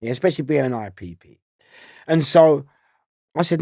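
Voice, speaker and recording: Gravelly man telling stories. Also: on the high side, lively intonation, moderate pace, dry recording, clean studio sound. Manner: gravelly, laughs loudly at own stories. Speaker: guest storyteller. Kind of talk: casual anecdote.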